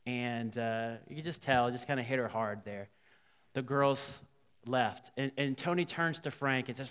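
A man, a pastor, telling a story in a sermon, animated and voicing the people in it. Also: mid-range voice, measured pace, clear, resonant tone. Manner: animated, quoting characters. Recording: long hall reverb.

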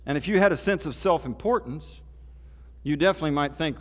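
A man's voice: a little high, a little fast. A man from Oklahoma, preaching a sermon in a folksy, conversational storytelling way. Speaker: pastor. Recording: reverberant hall.

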